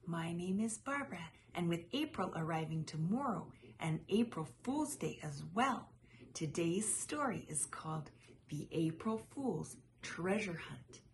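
Animated woman reading a picture book. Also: lowish voice, measured pace, a little hiss or hum. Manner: lively, expressive storytelling. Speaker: children's storybook reader.

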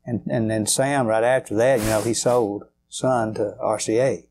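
A man's voice: lowish voice, steady tone, normal speed, darkish tone, slight background noise. An older man, telling rambling, folksy stories as a guest in an interview. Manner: rambling, folksy, many fillers. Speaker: guitarist guest. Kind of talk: storytelling interview.

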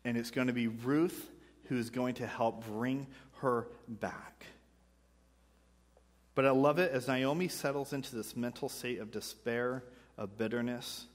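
A man preaching a sermon in a church, reading scripture with joking asides and swinging from loud bursts to hushed lines. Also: mid-range voice, fairly even intonation, measured pace. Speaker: pastor. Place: church sanctuary. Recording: church hall reverb.

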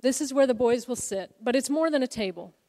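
A woman with a fairly high voice gives an earnest, reflective sermon, telling the story slowly and with feeling. Her voice carries a long reverb, like a church sanctuary. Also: animated, mellow. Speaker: ministry co-founder.

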